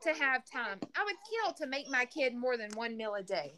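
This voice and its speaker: A woman's voice: fairly high pitch, big pitch swings, moderate pace, background noise. A single mother talking earnestly in a podcast conversation, often restarting her sentences. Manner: earnest, frequent restarts and "you know".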